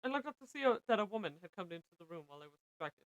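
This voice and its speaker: A young woman streaming, reading a visual novel aloud with expressive narration. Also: mid-range voice, very fast, hardly any pauses, no room sound, poor audio. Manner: expressive narration, breaks into laughter.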